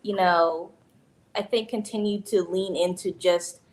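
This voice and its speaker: A woman's voice: on the low side, fairly even intonation, measured pace. A woman in her early twenties speaking on a panel, earnest and thoughtful, with many fillers. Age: 20s. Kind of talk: panel discussion.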